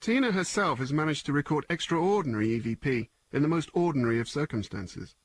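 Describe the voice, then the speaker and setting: A man presenting a radio documentary, narrating from a script in a measured, explanatory way. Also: a little high, lively intonation.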